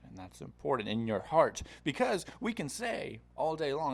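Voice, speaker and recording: A man's voice: medium pitch, expressive, moderate pace, vocal fry, few pauses. A man hosting a podcast, retelling a parable in a loose, chatty style with frequent fillers. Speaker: podcast host. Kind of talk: casual Bible teaching.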